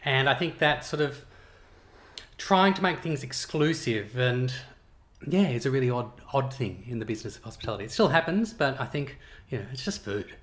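Relaxed Australian man, chatty chef. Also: medium pitch, moderate pace. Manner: relaxed, rambling, chuckles often. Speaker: chef and cookbook author. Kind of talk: casual interview chat.

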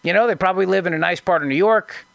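Male radio host, fairly high voice, dry booth sound, sarcastic commentary with frequent restarts. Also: fast, vocal fry, a bit bright, no echo. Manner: sarcastic, mocking, restarts often. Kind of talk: conservative talk radio commentary.

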